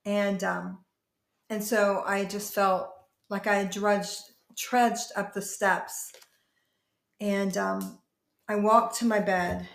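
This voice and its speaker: A woman pastor telling her personal testimony in an interview, earnest and emotional, often halting and restarting. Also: mid-range voice, level tone, gravelly, roomy sound.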